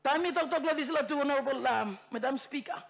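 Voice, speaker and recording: A Papua New Guinean woman from Bougainville, a member of parliament, delivers a fiery, repetitive rallying speech in the parliament chamber. Her voice is high-pitched and gravelly, and she talks at a quick pace.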